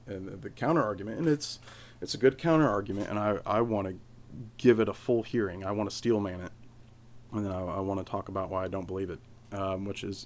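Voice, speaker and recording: A man's voice: low voice, slight background noise. A man hosting a casual solo podcast from home, rambling with many restarts and fillers. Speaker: podcast host.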